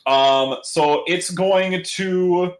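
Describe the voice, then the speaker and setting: A man running a tabletop game, narrating the action casually with plenty of fillers and swearing. His voice sits a little high for a man and has a roomy echo around it. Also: extremely slow. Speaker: dungeon master.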